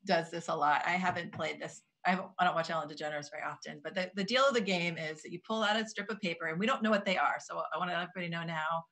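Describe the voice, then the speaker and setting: A woman's voice: fairly low pitch, racing, few pauses, a bit bright. A woman co-hosting a podcast in casual chat, talkative and self-deprecating, often restarting her sentences. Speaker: podcast co-host.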